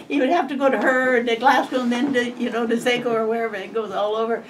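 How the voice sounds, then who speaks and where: A woman's voice: on the high side, fast talker, few pauses. An older woman with a Montana accent tells stories from her childhood in an oral history interview, chuckling often and acting out the voices in them. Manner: lively, chuckling reminiscence with acted quotes. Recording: distant mic, faint noise.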